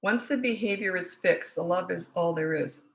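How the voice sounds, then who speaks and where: A woman's voice: on the low side, moderate pace, vocal fry. Chatty middle-aged woman in a roomy space. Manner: chatty, frank, anecdotal, full of fillers. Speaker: parenting coach. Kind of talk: casual Q&A answering viewer questions. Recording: roomy echo.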